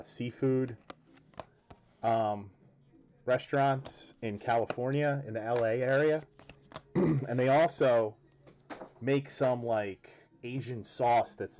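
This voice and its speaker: A man's voice: fairly low pitch, darkish tone. Rambling, foul-mouthed man on lo-fi audio. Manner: rambling, profane, joking. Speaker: card break host. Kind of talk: casual chat while opening cards. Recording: dull lo-fi with faint noise.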